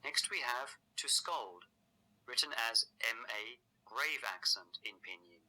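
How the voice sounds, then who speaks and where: A man narrating a scripted language lesson in a measured, explanatory way. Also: mid-range voice, lively intonation, pushed and bright, poor audio. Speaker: language teacher.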